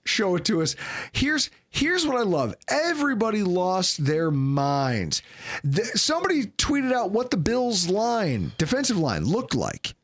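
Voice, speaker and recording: A man's voice: high voice, huge pitch swings, measured pace. A man hosting a sports podcast in a studio, ranting sarcastically. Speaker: podcast host.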